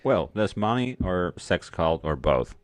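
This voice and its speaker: Sex: man. Role: podcast co-host. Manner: laconic, deadpan. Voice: very deep, slow, lively pitch. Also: dry recording. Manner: laconic, deadpan short answers. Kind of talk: casual comedic chat.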